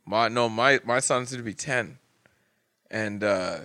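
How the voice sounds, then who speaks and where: A man in his thirties hosting a casual podcast chat, laughing often and shouting out listeners. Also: lowish voice, a little slow, dry recording, clean studio sound. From Canada. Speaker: podcast host.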